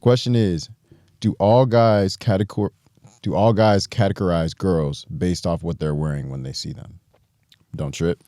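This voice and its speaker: A man's voice: low-pitched, normal speed, mellow, dry recording, clean studio sound. An American man hosting a podcast in casual, laid-back chat, laughing easily. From United States. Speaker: podcast host.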